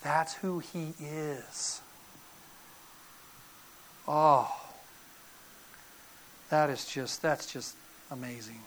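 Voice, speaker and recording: Animated folksy middle-aged preacher man. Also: a little high, extremely slow, pauses often, a little hiss or hum. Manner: animated, folksy storytelling with sudden loud bursts and quiet drops. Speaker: pastor. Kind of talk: sermon.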